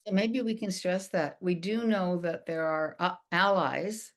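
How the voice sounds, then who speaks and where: A woman's voice: on the low side, unhurried. A woman moderating a question-and-answer session, talking conversationally and often checking in with her listeners. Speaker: event moderator.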